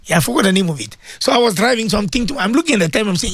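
A man hosting an Islamic radio show as a maulana, preaching with passion and repeating himself for emphasis. He has a sore throat and keeps clearing it. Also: sits high, expressive, rapid-fire, fairly bright tone, no echo, studio quality. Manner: impassioned, repetitive, rising to emphatic peaks.

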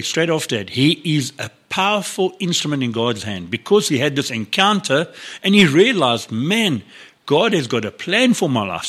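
Animated preaching man. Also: mid-range voice. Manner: animated storytelling, acts out biblical dialogue with laughs. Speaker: pastor. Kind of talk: sermon.

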